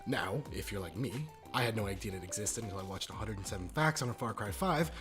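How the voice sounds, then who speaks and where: A man hosting his own video channel, giving a casual spoken review that rambles and corrects itself, jumping from loud bursts to muttered asides. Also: fairly low pitch, animated, quick pace. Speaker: video game channel host. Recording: faint background music.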